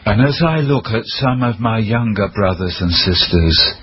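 A man's voice: on the low side, lively intonation, measured pace, dull audio, a little hiss or hum. A man preaching a sermon with impassioned emphasis, breaking into dramatic cries.

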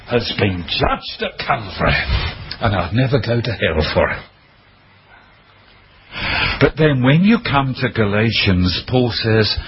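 A man's voice: medium pitch, muffled recording, noisy background. A man preaching a sermon with impassioned emphasis, breaking into dramatic cries.

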